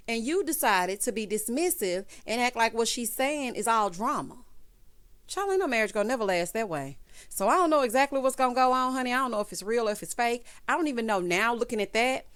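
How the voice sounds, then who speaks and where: A woman giving a sassy, animated recap of a reality TV episode, full of slang and asides to her viewers. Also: fairly high pitch, clear, resonant tone. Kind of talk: casual recap commentary.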